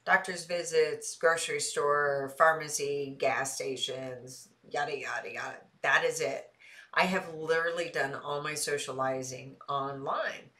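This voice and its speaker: Lower-voiced Midwestern woman with Southern twang. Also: a little slow. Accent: Midwestern with a light Texas Southern twang. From American Midwest. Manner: chatty and animated, laughs easily. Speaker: streamer answering chat. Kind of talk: casual live-stream chat.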